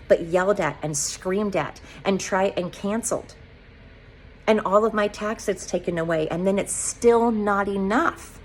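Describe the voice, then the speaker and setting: A woman's voice: on the low side, slight background noise. A woman hosting a solo podcast, ranting passionately in a rambling monologue full of rhetorical questions. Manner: impassioned ranting with rapid-fire rhetorical questions; rambling, self-described digressive. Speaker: podcast host.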